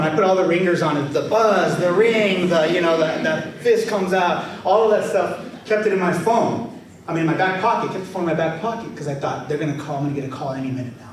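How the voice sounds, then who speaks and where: Man, animated storyteller, fairly high voice, booming hall echo, distant mic. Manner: animated, chatty, leads the crowd in call-and-response. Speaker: author giving a reading. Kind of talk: lively storytelling to a live audience. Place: event hall with an audience. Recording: very echoey hall, far from mic, faint hiss.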